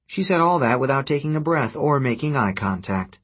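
A man narrating a fantasy adventure story in a steady, even storytelling manner. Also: medium pitch, fairly quick, few pauses, breathy edge. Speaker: audiobook narrator. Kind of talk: scripted narration.

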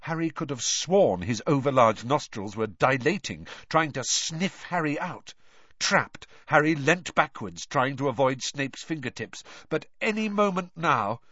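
A man narrating an audiobook in an expressive storytelling read. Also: mid-range voice, unhurried, no room sound. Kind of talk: scripted narration. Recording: dry, slightly dull recording.

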